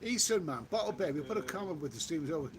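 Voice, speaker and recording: A man's voice: a little high, lively intonation, quick pace, a crowd in the background. A man chatting casually on a live stream while out walking, reading viewer comments aloud and repeating himself. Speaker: travel vlogger reading live chat. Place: outdoors on a walk.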